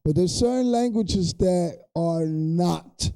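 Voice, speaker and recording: A young adult man co-hosting a podcast in relaxed, rambling casual chat. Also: high-pitched, slow. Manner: laid-back, rambling with fillers. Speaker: podcast co-host.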